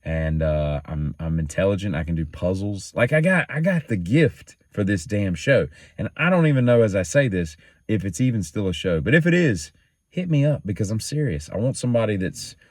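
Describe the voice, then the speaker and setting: A man's voice: fairly low pitch, sing-song, normal speed, no room sound, clean studio sound. A man hosting his own daily show, telling rambling stories in a casual, joking, self-teasing way that wanders off topic.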